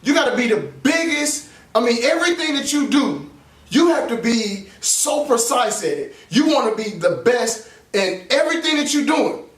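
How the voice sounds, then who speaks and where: High-pitched guy preaching a pep talk, roomy echo, kinda far from the mic. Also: sing-song, moderate pace. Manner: preachy, repeats phrases, emphatic. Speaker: motivational speaker. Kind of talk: motivational talk. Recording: echoey room, voice off-mic.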